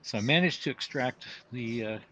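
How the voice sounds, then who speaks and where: Easygoing man, casual livestream chat, chuckles often, lots of fillers, mid-pitched voice. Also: normal speed, noisy background. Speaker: prop maker hosting a livestream. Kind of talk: casual chat while working.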